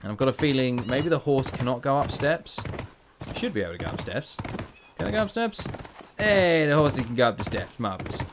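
A man's voice: mid-range voice, big pitch swings, fairly quick, noisy background. A man giving playful, chatty let's play commentary, joking to himself as he plays. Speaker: gamer.

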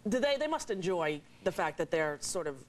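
A woman hosting a talk show, chatting playfully with her guest and reacting quickly. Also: on the low side, sing-song. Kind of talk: casual chat.

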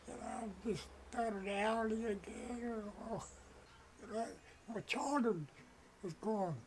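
Older Australian woman, interviewee; raised pitch, heartfelt and chatty. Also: fairly even intonation, slow, a little mellow, slight background noise, poor audio. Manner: emotional, storytelling, full of you-knows. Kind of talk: documentary interview recollection.

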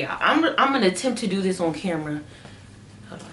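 A young adult woman doing a casual shapewear try-on for her viewers, chatty and animated, calling them girl and y'all, often jumping into high excited squeals. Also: quick pace, gravelly, slight background noise. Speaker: beauty vlogger reviewing shapewear. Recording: echoey room.

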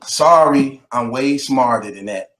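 A man's voice: mid-range voice, measured pace, a bit bright, reverberant. A man delivering a mocking rant to the camera, taunting and repeating his jabs and breaking into laughter between them.

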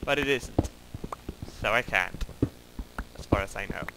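A man's voice: fairly low pitch, measured pace, heavy background noise. A man giving wry, self-mocking commentary while playing a game, grumbling at it as he goes. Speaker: gameplay commentator. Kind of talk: let's play commentary.

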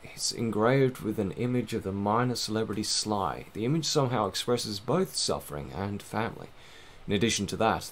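A man's voice: on the low side, slight background noise. A man giving casual, rambling, self-mocking commentary while playing a game, swearing now and then. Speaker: gaming let's-play host.

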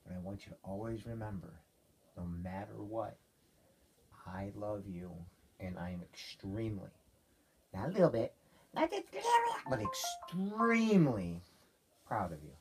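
Brief: father giving a bedtime talk to his kid, loud and teasing, animated pitch, recorded on a phone. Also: moderate pace, pauses often, slight background noise. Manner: loud, teasing, ends lines with 'okay?'. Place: home, at bedtime.

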